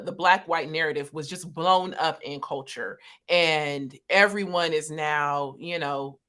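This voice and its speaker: Woman, livestream co-host, animated, frequent laughter, video call mic. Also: low voice. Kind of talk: casual livestream discussion.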